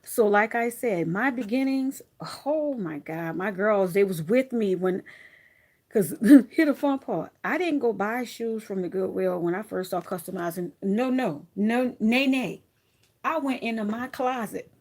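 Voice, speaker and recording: A woman crafter chatting casually to her viewers, telling stories in a lively, animated way with frequent laughs and asides. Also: medium pitch, measured pace. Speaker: craft vlogger.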